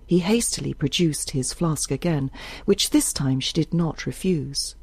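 A woman narrating an audiobook in a measured, expressive reading. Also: deep voice, vocal fry, husky, dry recording.

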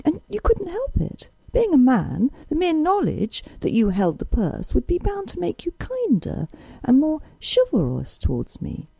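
A woman reading an audiobook, voicing a proud young woman who speaks calmly and coldly. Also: high voice, creaky, breathy edge, dry recording, pitched above the performer's own voice, exaggerated voice. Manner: calm, cold, measured.

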